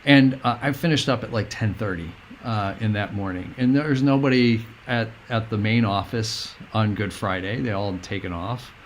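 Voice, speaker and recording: A middle-aged man, a guest, telling a personal story in an earnest, meandering, halting way. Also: on the low side, a little hiss or hum.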